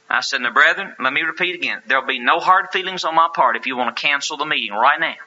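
A man's voice: a little high, fast, hardly any pauses, bright, forceful tone. A man preaching a sermon, telling a story with earnest, emphatic rhetorical questions. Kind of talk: sermon with anecdote. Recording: lo-fi sermon recording.

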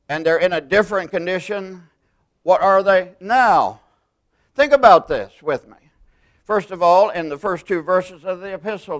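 Emphatic high-voiced male preacher. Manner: emphatic, stresses single words, slows for quoted scripture. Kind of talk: sermon.

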